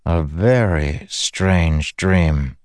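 A man's voice: deep voice, very slow, darkish tone, no room sound, clean studio sound. A man voicing a blunt, wry older woman. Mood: musing.

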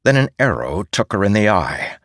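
A man giving measured, steady scripted narration as an audiobook narrator. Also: lowish voice, no echo. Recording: dry close studio sound.

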